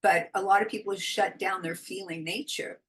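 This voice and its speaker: Expressive woman chatting as a guest. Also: medium pitch, normal speed. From California. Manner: expressive, animated, laughs often. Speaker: podcast guest, intuitive guide. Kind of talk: casual interview chat.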